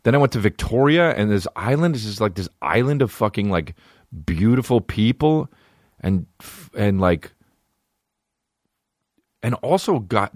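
A male comedian hosting his podcast, rambling through a profane, animated monologue. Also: fairly low pitch, dry recording, clean studio sound.

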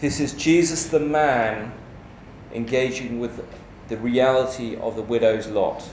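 A man preaching a sermon in a measured, emphatic way, asking rhetorical questions. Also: medium pitch, a little mellow, a little hiss or hum. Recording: echoey church hall with faint ambience.

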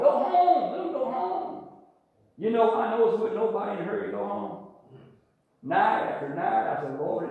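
High-voiced preacher in a booming echo. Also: male voice. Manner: folksy, calls for amens, repeats phrases. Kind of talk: sermon. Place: church. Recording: echoey church from far off.

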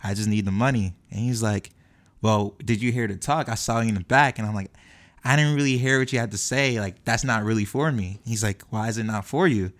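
Quick-talking young man telling a story. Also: fairly low pitch. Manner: acts out quoted dialogue, quick and lively. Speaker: guest telling his story. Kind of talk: animated storytelling.

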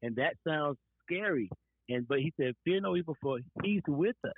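A man tells his faith story earnestly, often restarting his sentences. His voice sits a bit high. The sound is dry and narrow, like a phone line. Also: lively intonation, normal speed, slightly rough, dry recording. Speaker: guest sharing testimony. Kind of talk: faith podcast conversation.

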